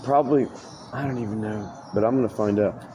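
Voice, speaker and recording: A podcast host tells a rambling, profane story in casual conversation, repeatedly breaking off and restarting sentences. His voice is on the low side and brisk, with music playing behind him in a noisy recording.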